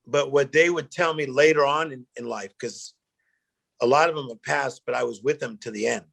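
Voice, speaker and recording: Gravelly-voiced man telling stories. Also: mid-range voice, normal speed. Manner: animated storyteller, acts out quotes, emotional. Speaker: guest, motivational speaker. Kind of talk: storytelling interview chat.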